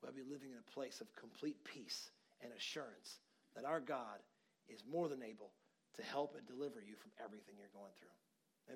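A man's voice: medium pitch, normal speed, breathy edge. A man preaching a sermon, telling a story conversationally and building to emphatic encouragement. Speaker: pastor.

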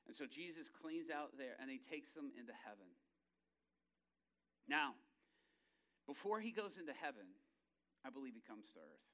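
A male pastor preaching a lively sermon, acting out scenes in voices and ending in a hushed prayer. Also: medium pitch, moderate pace, long pauses.

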